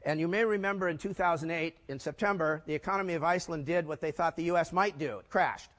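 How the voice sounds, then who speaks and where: A man's voice: a little high, quick pace, fairly bright tone. An older man giving a punchy business conference talk, tossing rhetorical questions to the audience. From United States. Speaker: keynote speaker. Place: large conference hall. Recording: echoey hall.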